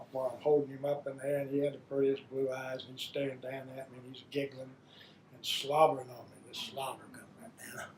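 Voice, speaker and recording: A man's voice: medium pitch, dark tone, a little hiss or hum, rough recording. An older man, a father telling rambling, folksy stories about his children. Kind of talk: reminiscing storytelling.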